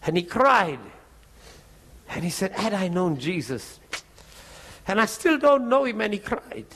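A man preaching, telling his testimony as a lively story and chuckling often. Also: high voice, a little slow. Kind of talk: testimony in a sermon.

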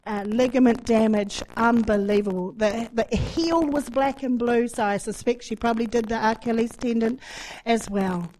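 A woman with a high voice delivers a sermon testimony as a lively story. She acts out the dialogue as she goes, with faint noise in the background. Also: poor audio. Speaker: preacher.

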